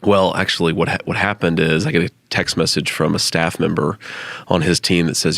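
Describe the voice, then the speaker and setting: Male guest, forties, deep gravelly voice, bright and forceful, dry close mic, laughing storyteller. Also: steady tone, brisk, no room sound. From United States. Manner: laughs often while telling anecdotes. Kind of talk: casual storytelling in conversation. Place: studio.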